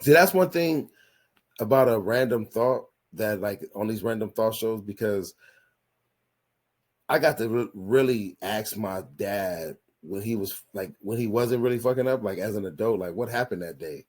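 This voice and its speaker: A man's voice: on the low side, normal speed, darkish tone, slightly rough. A man in his forties hosting a podcast, telling rambling, profanity-laced stories in a casual chat and often repeating himself. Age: 40s. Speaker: podcast host. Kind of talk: casual storytelling.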